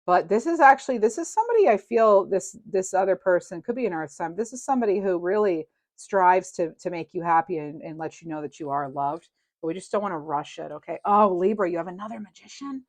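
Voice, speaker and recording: Woman tarot reader, low-ish voice, chatty and reassuring, dry close recording. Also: animated, fairly quick, darkish tone, no echo. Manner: chatty, reassuring, rambling with fillers. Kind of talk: casual tarot reading to camera.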